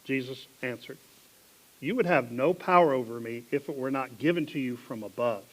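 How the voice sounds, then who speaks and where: A man with a Southern American accent preaching a sermon in a church, reading scripture dramatically and dropping into quiet asides. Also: mid-range voice, moderate pace, poor audio. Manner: animated, dramatic Bible reading with sudden drops to hushed asides. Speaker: pastor. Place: church sanctuary.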